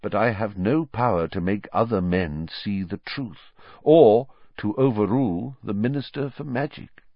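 A grave, calm old male wizard headmaster, as a man reads him aloud speaks low, quiet and measured, every word slow and clear. The voice sits deep and a little dull in a dry, lo-fi recording. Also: no echo.

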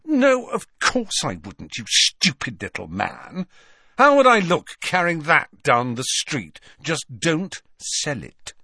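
Man reads cocky teen bully, icy contempt, lively swings in pitch; audiobook. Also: takes it slowly, few pauses, dry recording, clean studio sound, heavily acted. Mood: sneering. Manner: cold, contemptuous. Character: sneering arrogant teenage boy, threatening. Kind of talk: audiobook character voice.

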